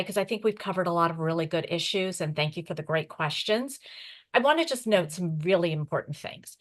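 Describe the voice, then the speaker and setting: A woman giving a candidate's closing statement over a video call in a warm, conversational and appreciative way. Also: fairly low pitch. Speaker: political candidate.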